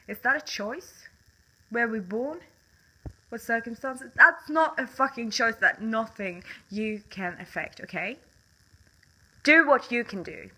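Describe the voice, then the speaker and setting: A woman's voice: on the high side, sharp tone, slightly rough, rough recording. A young woman with a Swedish accent, speaking English in a casual monologue to camera, passionate and blunt, swearing often and breaking into bitter laughs.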